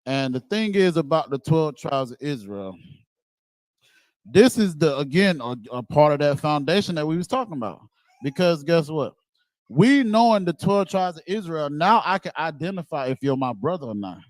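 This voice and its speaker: Man, blunt casual preacher, high voice, dry close sound. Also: normal speed, no echo. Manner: animated, blunt, swears casually, laughs and shouts at times. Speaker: speaker on a religious group's show.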